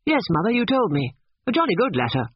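A man's voice: high voice, wildly swooping pitch, fast, slightly rough, dry recording, highs cut off, voice pushed up, heavily acted. A man reading an audiobook, voicing a sulky, blunt young man who grumbles at his mother.

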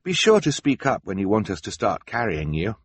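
A man's voice: on the low side, very animated, fairly quick, slightly rough, no echo. A man voicing a resourceful teenage girl inventor, the eldest sister, earnest, practical and encouraging.

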